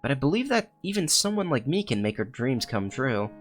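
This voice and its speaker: Earnest teen schoolgirl from a game, read out plainly by a guy, soft game music behind. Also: medium pitch, sing-song, fairly quick, natural voice. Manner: plain read-aloud delivery. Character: earnest teenage schoolgirl dreaming of teaching.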